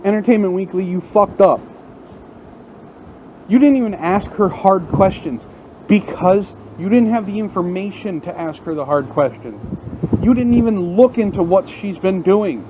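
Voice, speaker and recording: A man's voice: high voice, expressive, normal speed, phone-quality sound, background noise. An angry man delivering an unscripted, profane rant into his phone at work, in front of a large window. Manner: heated, profane ranting. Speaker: vlogger.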